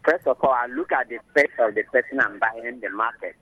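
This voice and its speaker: A man's voice: mid-range voice, fairly quick, breathy edge, no room sound. A man with a Nigerian accent calling in to give advice, talking emphatically and mixing in pidgin. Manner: emphatic, loud, mixes pidgin. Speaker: caller. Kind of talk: phone-in advice. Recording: muffled phone line.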